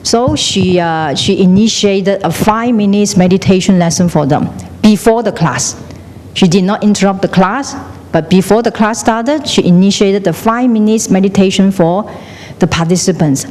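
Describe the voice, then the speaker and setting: A woman's voice: medium pitch, normal speed, darkish tone. A middle-aged woman gives a classroom lecture. She keeps asking the class questions and switches between English and Chinese. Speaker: teacher. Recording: long hall reverb, faint noise.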